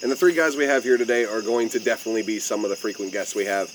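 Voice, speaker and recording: A man's voice: on the low side, racing. Laid-back young man hosting a podcast. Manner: easygoing, laughs often, many fillers. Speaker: podcast host. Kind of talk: casual chat. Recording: steady background noise.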